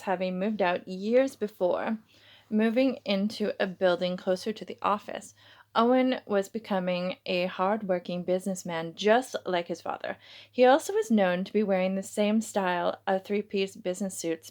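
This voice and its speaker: A woman reading her own novel aloud in an unpolished way, with slips and self-corrections. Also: medium pitch. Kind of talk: audiobook reading.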